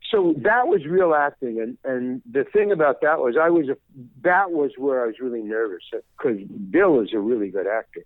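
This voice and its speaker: A man's voice: mid-range voice, big pitch swings, moderate pace, no room sound. An older man, a guest actor, chatting casually in an interview and rambling with many restarts. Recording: tinny phone line.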